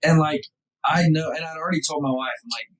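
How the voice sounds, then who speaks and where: A man in his thirties hosting a podcast, chatty and animated, tossing in "dude" and "bro". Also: fairly high pitch, fast, over a noisy crowd, poor audio. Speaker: podcast host. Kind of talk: casual chat.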